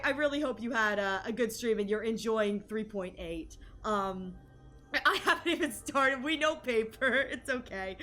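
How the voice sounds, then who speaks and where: A young adult woman streams from home, chatting casually with her viewers and reading from the chat, giggling often and restarting her sentences. Her voice is fairly high with a sharp tone.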